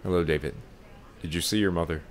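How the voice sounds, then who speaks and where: A man voicing a calm male doctor in a game, slow and measured. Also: low voice, voice pushed down, close to an everyday voice. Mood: soothing.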